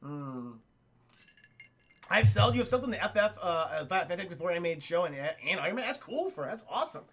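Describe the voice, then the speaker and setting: A man live-streaming to his chat, excitedly recapping a cartoon episode, swearing often and acting out the characters' lines. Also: high voice, fairly quick.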